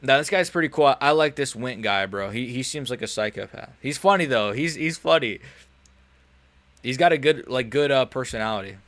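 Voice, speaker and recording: A man's voice: mid-range voice, animated, fairly quick, fairly bright tone, no room sound. A man hosting a live stream, reacting to fights in a rambling, joking way full of slang.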